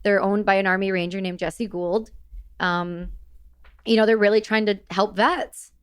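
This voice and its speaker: A woman's voice: mid-range voice, fairly even intonation, moderate pace, clean tone. A woman telling her story as a podcast guest, blunt and swearing freely. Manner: blunt, swears freely, acts out quoted exchanges. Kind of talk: candid storytelling in conversation.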